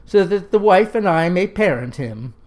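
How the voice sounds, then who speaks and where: A woman's voice: lowish voice, animated, moderate pace, a little mellow, close to an everyday voice. A woman doing Gully, stubborn young farmer. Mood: insistent. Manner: folksy, old-fashioned country phrasing. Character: earnest young male Southern farmer, stubborn.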